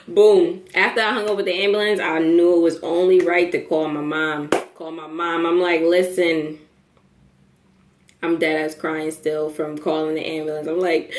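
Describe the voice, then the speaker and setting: Animated young woman in an echoey room. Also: fairly low pitch, moderate pace. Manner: animated, profane, laughs through the telling. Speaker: vlogger telling a story. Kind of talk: casual storytime.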